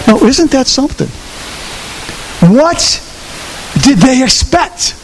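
A male pastor preaching a sermon in an animated way, repeating phrases and asking his listeners questions, in a reverberant hall with faint hiss. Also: very high-pitched, slow, pauses often. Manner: animated, repetitive, asks the audience questions.

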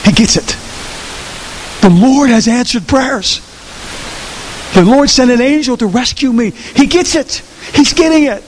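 A male pastor preaching a sermon in an animated way, repeating phrases and asking his listeners questions, in a reverberant hall with faint hiss. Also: very high-pitched, a little slow, long pauses. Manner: animated, repetitive, asks the audience questions.

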